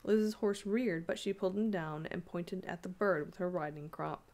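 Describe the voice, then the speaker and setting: A woman narrating a classic ghost story aloud in a steady, measured way. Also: on the low side.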